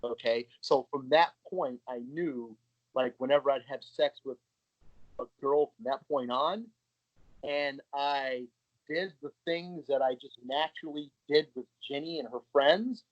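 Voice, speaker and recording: This podcast guest speaks at a measured pace in a mid-range voice, chatting through casual stories with plenty of profanity. He's frank and often mimics the voices of people he quotes. The recording is dry, slightly muffled podcast sound.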